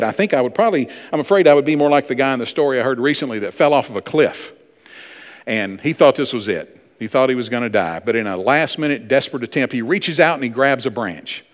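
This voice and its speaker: A man preaching a sermon, reading scripture aloud, earnest and swelling in volume for emphasis. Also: medium pitch. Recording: long hall reverb in a church.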